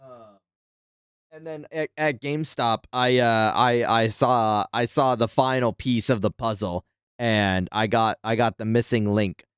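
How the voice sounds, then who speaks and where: A man's voice: mid-range voice, steady tone, a little slow, clean tone, no room sound, clean studio sound. A man streaming a video game, chatting casually and animatedly, swearing freely and laughing often. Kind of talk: casual live-stream chat.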